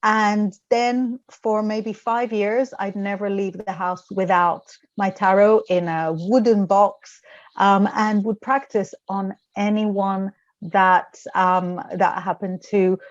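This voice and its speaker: A woman in her forties talks as a guest in a casual interview, chatty and wry with a self-mocking streak. Her voice sits at an ordinary middle pitch. The recording is a little dull and lo-fi. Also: steady tone, slow pace. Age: 40s. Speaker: tarot reader, interview guest.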